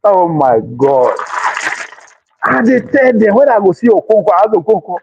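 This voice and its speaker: Excitable Nigerian man with a lively voice. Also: high voice, moderate pace, highs cut off, a little hiss or hum. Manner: excitable, laughs and exclaims often, mixes in pidgin. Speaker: political commentator. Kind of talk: animated political chat.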